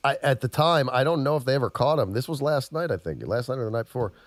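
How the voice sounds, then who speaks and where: A man's voice: medium pitch, animated, quick pace. A man co-hosting a podcast in casual chat, telling rambling stories with plenty of swearing. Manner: profane, rambling storyteller. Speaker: podcast co-host.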